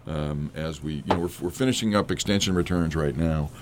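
A hoarse man with a cold, an accountant guest on a radio show, talking casually with frequent restarts. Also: rumbling low, noisy background. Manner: halting, many restarts.

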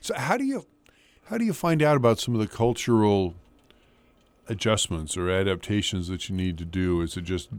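A man with a fairly low voice hosts a relaxed conversation, prompting his guest with questions and quick agreements. The recording is dry and close-miked. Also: dry recording. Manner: asks questions, frequent short agreements. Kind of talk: casual interview.

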